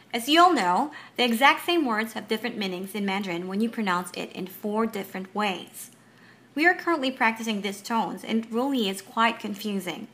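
Bright-voiced mother teaching tones. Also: fairly high pitch. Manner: slow, careful explanations with drawn-out example syllables. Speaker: parent teaching Mandarin tones. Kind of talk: home language lesson.

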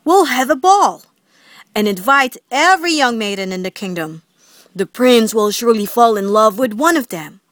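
A woman's voice: mid-range voice, animated, moderate pace, fairly bright tone, dry recording, studio quality, lightly acted. A woman voicing an eager, pompous king in a storybook reading, proclaiming plans emphatically.

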